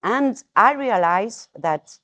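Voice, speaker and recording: A woman's voice: mid-range voice, lively intonation, takes it slowly, a bit bright. A French woman with a French accent, a guest in a casual chat, explaining with some hesitant fillers. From France.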